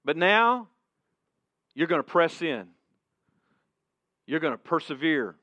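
High-voiced preacher telling a story. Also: male voice, big pitch swings, slow, no echo. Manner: vivid second-person storytelling, drops to a hush at key points. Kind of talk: sermon storytelling. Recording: dull, dry sound.

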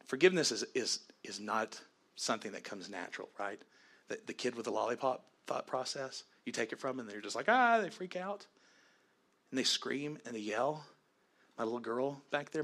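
Bright-voiced man preaching a sermon. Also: medium pitch, moderate pace. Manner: earnest preaching, dropping to soft prayerful tones. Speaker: pastor.

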